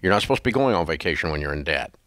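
A man's voice: rumbling low, lively intonation, racing, fairly bright tone, no echo, clean studio sound. A male radio host giving blunt money advice in an emphatic, scolding, repetitive way. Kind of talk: blunt call-in advice talk.

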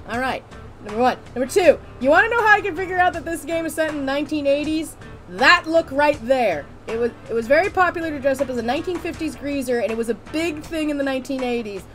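Woman streamer, high voice, chatty and joking, casual let's-play commentary, soft game music under her. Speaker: gameplay streamer.

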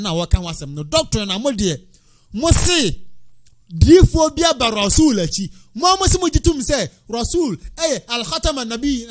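Male presenter, high voice, animated preaching, bursts of shouting. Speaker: Islamic radio presenter. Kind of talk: religious talk show.

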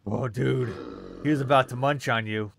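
Easygoing gaming buddy, plain talk, a bit rambling. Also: male voice, medium pitch, fairly even intonation, moderate pace, vocal fry, a little hiss or hum. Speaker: co-op gaming partner. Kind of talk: casual co-op gaming chat.

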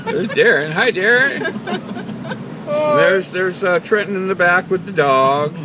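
A man's voice: sits high, normal speed. A man casually narrating as he films his friends, playful and chatty like a tour guide, on a handheld camera mic outdoors and in a car. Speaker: vlogger filming his friends. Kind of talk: casual narration while filming. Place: outdoors and in a car, near the ocean. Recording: loud wind and vehicle noise.

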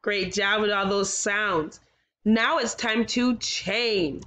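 A woman teaching a recorded kindergarten phonics lesson, sounding out letters slowly and carefully with encouraging praise. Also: medium pitch, fairly bright tone.

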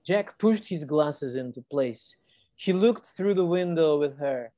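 A woman teacher with a low voice reads a children's book aloud on a video call. She talks slowly and patiently and stops to explain words. The sound is dry and close. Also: lively intonation, mellow, no echo. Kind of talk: reading a storybook to children.

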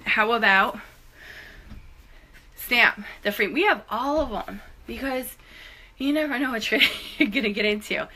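Talking to camera while walking through a house, a vlogger gives a casual tour in a fairly high, sharp voice, speaking unhurriedly with frequent pauses over a little hiss or hum. She's upbeat and chatty, out of breath, and often says "okay?" and "guys."

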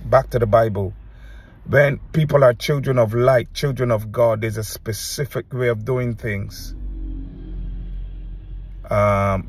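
A male preacher with a mid-range voice gives an earnest, halting testimony to the camera. Recounting his visions, he keeps restarting his sentences.

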